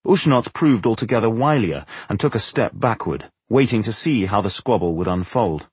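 A man narrating a fantasy audiobook in an expressive storytelling manner, with a husky voice. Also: fairly low pitch, normal speed, no room sound.

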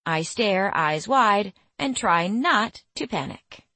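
Slow, measured young woman narrator. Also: medium pitch, expressive, vocal fry, pushed and bright, no room sound. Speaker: audiobook narrator. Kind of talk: first-person scripted narration.

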